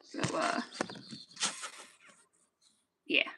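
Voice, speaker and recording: A woman from Georgia with a Southern accent, chatting casually to her stream about her woodworking in a relaxed, rambling, joking way. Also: medium pitch, takes it slowly. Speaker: streamer and vlogger. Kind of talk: casual chat while woodworking.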